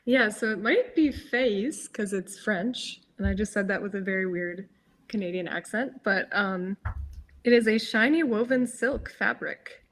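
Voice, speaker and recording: A woman giving live game commentary, explaining moves in a measured, analytical way with hesitant fillers. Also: medium pitch. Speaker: tournament commentator.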